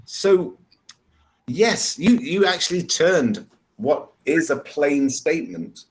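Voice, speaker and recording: A man's voice: on the high side, expressive, takes it slowly. A man tutoring English one-on-one over a video call, patiently explaining step by step. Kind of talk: one-on-one online lesson.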